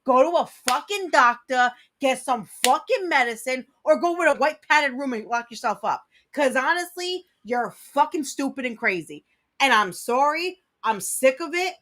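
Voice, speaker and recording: A woman's voice: sits high, expressive, normal speed, pushed and bright. Blunt, swearing woman ranting. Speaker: livestream co-host. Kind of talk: casual livestream chat.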